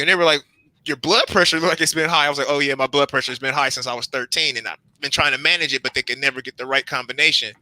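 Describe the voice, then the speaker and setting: A young man telling his own hospital story on a panel, lively and acting out his reactions in quoted lines. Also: a little high, quick pace, no room sound, poor audio. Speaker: transplant patient on a panel. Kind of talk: animated personal storytelling.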